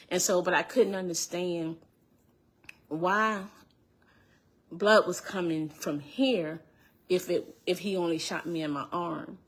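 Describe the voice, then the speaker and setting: Slow, low-voiced woman telling her testimony. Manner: earnest, repeats phrases, halting restarts. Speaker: speaker giving a personal testimony. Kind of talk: emotional personal storytelling.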